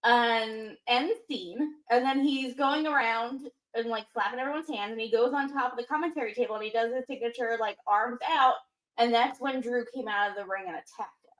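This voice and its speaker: A woman co-hosting a casual wrestling chat, giving quick, opinionated recaps. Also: on the high side, rough recording. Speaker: co-host.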